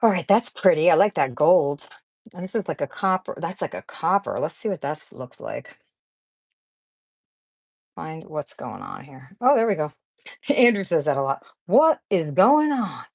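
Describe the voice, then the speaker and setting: A woman's voice: low voice, sing-song, moderate pace, creaky, pauses often, a little mellow, dry recording. A woman hosting a casual live craft chat, rambling and chatty as she sorts supplies, often laughing and greeting viewers by name. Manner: rambling, chatty, talks while fiddling with supplies. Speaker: craft channel host.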